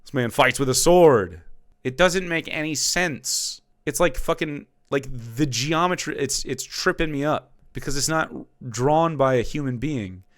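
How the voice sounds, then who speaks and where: A man hosting a live stream, ranting about politics in a mocking, profane way and swinging from loud outbursts to low muttering. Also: measured pace, dry recording, clean studio sound. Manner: profane, mocking, loud rants with sudden drops. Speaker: streamer host. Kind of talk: heated political commentary.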